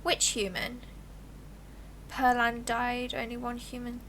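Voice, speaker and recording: A woman's voice: on the high side, completely flat delivery, slow pace, fairly bright tone, a little hiss or hum. A woman voicing a timid little male possum who speaks in simple, broken phrases.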